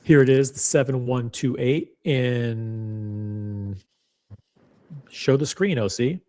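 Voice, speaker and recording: A man hosting a casual chat about watches, animated and quick to jump in with his own take. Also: mid-range voice. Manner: animated, talks over his guest, fond of restarts. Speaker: watch channel host.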